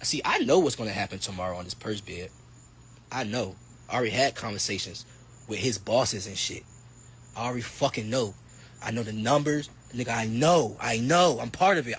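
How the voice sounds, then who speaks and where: A young man in his twenties ranting profanely in a clip, swinging between loud mocking and low mutters. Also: slight background noise. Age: 20s. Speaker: boxer.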